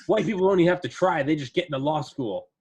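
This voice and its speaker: A man's voice: on the high side, lively intonation, quick pace, darkish tone, breathy edge. A man in casual podcast chat, telling profane stories and quoting friends' voices. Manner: profane, storytelling with quoted voices.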